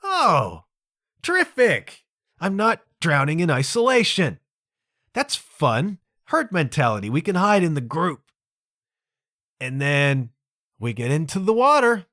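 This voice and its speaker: Male podcast host, 50s, exasperated, self-mocking storyteller, animated delivery, dry sound. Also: on the high side, unhurried, long pauses, no room sound. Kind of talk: comedic storytelling monologue.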